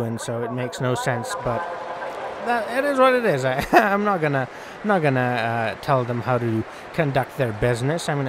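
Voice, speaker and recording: A man's voice: mid-range voice, noisy background. A young man casually commenting while playing a cricket video game, rambling and swearing offhandedly. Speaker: gaming channel host.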